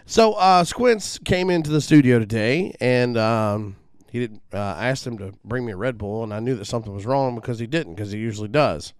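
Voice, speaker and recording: A man hosting a casual podcast, laid-back and loose, cursing and laughing along. His voice is smooth and clear, with a dry, close sound and no room echo. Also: mid-range voice, brisk, few pauses. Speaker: podcast host. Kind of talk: casual chat.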